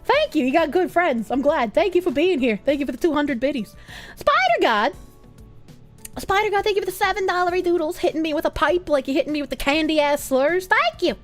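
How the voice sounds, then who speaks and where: A woman streamer in casual chat, reading out donations with giggly laughs, loud outbursts and swearing. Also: high voice, lively intonation, a little fast. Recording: faint music behind voice.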